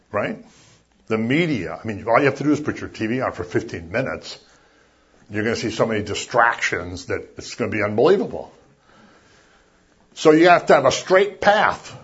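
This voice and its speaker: A man preaching a sermon in a conversational way, with jokey asides and sudden loud bursts of emphasis. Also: mid-range voice, sing-song, moderate pace, husky, muffled recording. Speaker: pastor.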